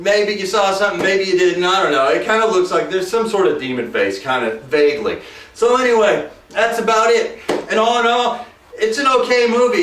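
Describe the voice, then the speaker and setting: A man's voice: sits high, a bit bright. A man reviewing a movie in a rambling, jokey, sarcastic way, drifting into asides and mocking the characters. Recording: roomy echo, mic far off.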